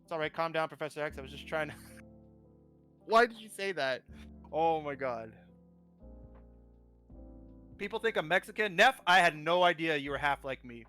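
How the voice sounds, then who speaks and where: A man's voice: fairly high pitch, animated, normal speed, pauses often, sharp tone, soft background music. A man on a livestream who rambles casually, reads chat aloud and pokes fun at himself. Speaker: streamer and model kit builder, guest.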